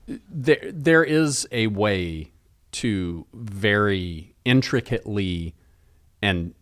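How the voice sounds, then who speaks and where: A man's voice: on the low side, no room sound, clean studio sound. A man co-hosting a podcast, chatting casually and thoughtfully about music, rambling with restarts. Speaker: podcast co-host.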